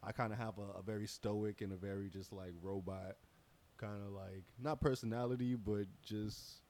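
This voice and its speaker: A man with a somewhat low voice in a casual podcast chat. He talks laid-back and slangy, swearing freely. He often pauses on fillers while he searches for words. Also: fairly even intonation, darkish tone. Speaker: podcast co-host.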